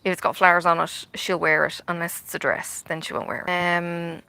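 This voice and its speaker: Rambling woman with a gravelly, bright voice. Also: lowish voice, steady tone, normal speed, pauses often. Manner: rambling, with many fillers and half-whispered asides. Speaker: vlogger. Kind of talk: casual chat while stitching. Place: outdoors in bright sun.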